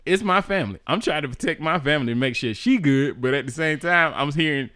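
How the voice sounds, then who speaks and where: A man's voice: fairly high pitch, quick pace, sharp tone, dry recording, studio quality. A man telling a story on a podcast in casual slang, laughing often and acting out the people he quotes.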